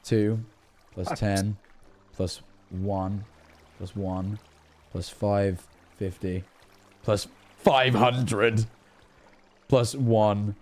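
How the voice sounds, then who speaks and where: A man's voice: lowish voice, steady tone, extremely slow, long pauses, a little mellow. Laid-back young man streaming. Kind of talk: casual live-stream chat.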